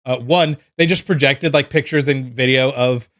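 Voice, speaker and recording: A man with a medium-pitched voice talks at a moderate pace while co-hosting a casual podcast. He swears freely and rants with lots of energy, his delivery profane and animated.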